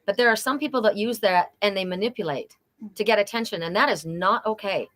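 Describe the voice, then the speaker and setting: A woman's voice: mid-range voice, fairly quick, a bit bright. A middle-aged woman doing a live oracle card reading, talking earnestly and repeating phrases for emphasis.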